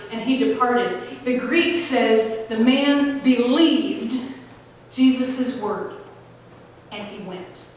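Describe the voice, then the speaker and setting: A woman pastor preaching a sermon, conversational and emphatic, slowing down to stress key phrases. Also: on the high side, slight background noise. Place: large church sanctuary. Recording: echoey hall, voice from far off.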